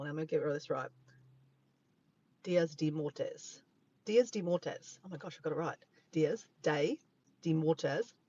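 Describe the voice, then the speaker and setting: An Australian vlogger livestreams casually on a handheld phone from his car, parked by the beach, rambling and getting sidetracked easily. His voice is fairly high, darkish, and slightly rough, and the recording cuts off the highs.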